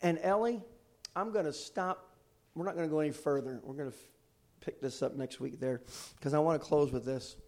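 A man preaching a sermon in a church, swinging from loud fervent declarations to quiet, folksy storytelling. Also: fairly high pitch, brisk. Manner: preaching with rising intensity, then quiet storytelling. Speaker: pastor. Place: church sanctuary with balcony.

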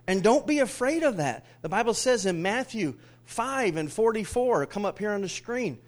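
A middle-aged pastor preaching a sermon, animated, drawing the congregation into call-and-response, swinging between loud declarations and hushed asides. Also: male voice, high voice, moderate pace.

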